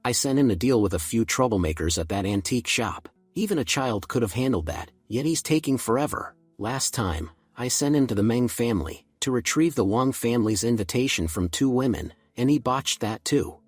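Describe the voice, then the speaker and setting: A man's voice: mid-range voice, expressive, a little fast, hardly any pauses, breathy edge, dry recording. A man voicing an arrogant, impatient male gang leader who talks in a growling, scornful way in a recap story.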